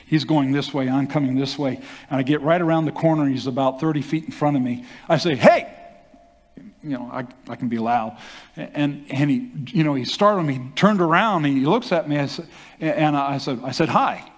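An older man, a pastor, telling a story in a sermon with animated delivery and acted-out quotes. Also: fairly high pitch, fairly quick. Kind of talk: sermon testimony. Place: church hall. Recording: long hall reverb.

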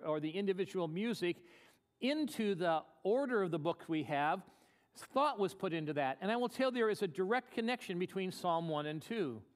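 A man pastor preaching a live church sermon, earnest, slowing down to read scripture aloud. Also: sits high. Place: church sanctuary. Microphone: live broadcast.

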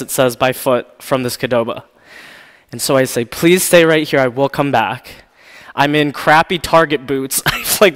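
A man's voice: on the high side, fairly bright tone, clean tone. A man preaching a sermon, telling a personal story in a candid, self-deprecating way with frequent laughs. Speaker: pastor. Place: church sanctuary. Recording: long reverb of a church hall.

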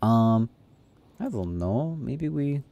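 A man's voice: mid-range voice, sing-song, slow pace, creaky, warm tone, muffled recording. A man commentating a video game, goofing around in a mock broken-English border inspector voice and swearing casually. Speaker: let's play gamer.

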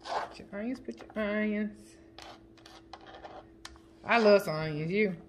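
A chatty woman talks through a recipe in her home kitchen, counting out shakes of seasoning and joking with her family as she works. Her voice sits at an everyday middle pitch, and dishes and utensils clatter clearly around her. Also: measured pace, slight background noise. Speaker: home cooking vlogger. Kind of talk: casual cooking chat.

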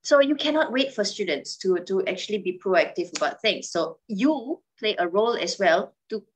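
Middle-aged woman on a webinar panel, animated, goes up and down a lot for emphasis. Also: moderate pace, slight background noise, rough recording. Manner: expressive, swings pitch and loudness for emphasis. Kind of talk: online panel discussion.

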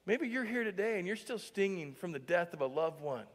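A male pastor preaching a sermon in a conversational way, full of fillers, moving between hushed and loud, emphatic stretches. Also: high-pitched, lively intonation, fairly quick. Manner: conversational, heavy use of filler "like". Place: church sanctuary. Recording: long church-hall reverb.

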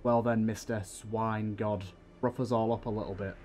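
Man playing a gruff, commanding warrior. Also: on the low side, flat delivery, normal speed, pitched below the performer's own voice, natural voice. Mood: firm. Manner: firm, forceful.

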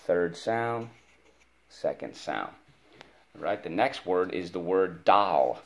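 A man's voice: low-pitched, takes it slowly, darkish tone. A man teaching a spelling lesson to a child, patiently spelling words out letter by letter and giving encouragement.

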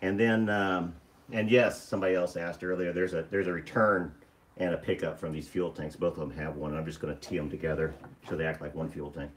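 A man's voice: deep voice, level tone, fairly quick. A middle-aged man hosting a live stream, talking casually and bluntly, swearing and joking as he explains his boat work.

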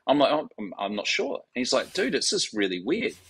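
A man's voice: mid-range voice, huge pitch swings, a little fast, a bit bright, husky, low-quality recording. A man, telling stories as a guest in a casual interview, swearing freely and acting out the voices of the people he quotes. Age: 40s. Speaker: guest, startup founder.

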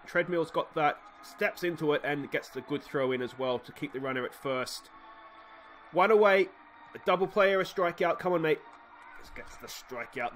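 Excitable Australian man calling a game. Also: fairly high pitch, slight background noise. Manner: excitable, swings from muttered asides to shouted cheering. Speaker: let's play host. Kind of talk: play-by-play commentary on a baseball sim game.

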